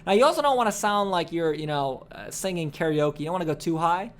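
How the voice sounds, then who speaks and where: A man's voice: fairly high pitch, lively intonation, fast talker. A young man giving a casual sales training talk, rambling with lots of fillers and frequent "okay?" check-ins. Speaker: course instructor.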